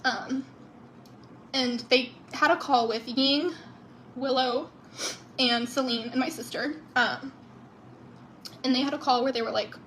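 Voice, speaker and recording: Crying woman, kinda high voice, halting social-media story, faint hiss behind her. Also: fairly even intonation, fairly bright tone. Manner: halting, many ums and apologies. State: tearful, crying. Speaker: sister telling a family story.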